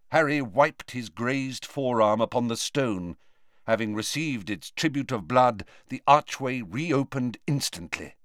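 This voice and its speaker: A man reading a story aloud as narrator in a dramatic, expressive manner. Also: medium pitch, a little slow, dry recording, clean studio sound. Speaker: audiobook narrator.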